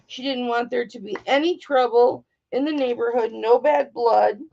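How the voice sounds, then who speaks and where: A woman's voice: on the high side, steady tone, moderate pace, vocal fry, mellow. A middle-aged woman with a Michigan accent, hosting a livestream in casual chat, blunt, profane and emotional. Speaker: livestream host. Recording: dull lo-fi livestream audio.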